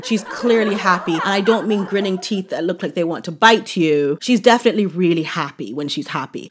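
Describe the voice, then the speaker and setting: A woman from Barbados hosting a casual commentary vlog, chatty and gushing, with playful asides. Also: lowish voice. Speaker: commentary channel host.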